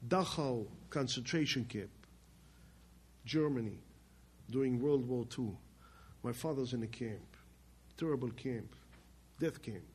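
A man telling a personal story in plainspoken speech, swinging between loud emphatic bursts and quiet low passages. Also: lively intonation, unhurried, pauses often, husky. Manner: plainspoken, with restarts and loose grammar. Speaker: speaker telling his life story.

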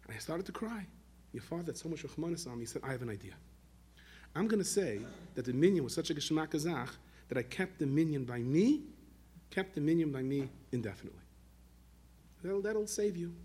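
A man giving a storytelling sermon, animated, weaving Yiddish and Hebrew terms into his talk. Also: mid-range voice, fast, husky. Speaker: rabbi telling stories.

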